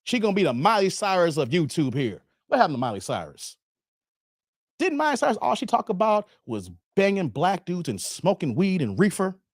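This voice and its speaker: A man hosting a livestream, with a high voice that swoops up and down all the time. He talks in an emphatic, rambling way, full of slang and repeated phrases. The sound is dry and close. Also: huge pitch swings, brisk, no echo. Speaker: YouTube commentary host. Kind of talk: livestream commentary with donation shout-outs.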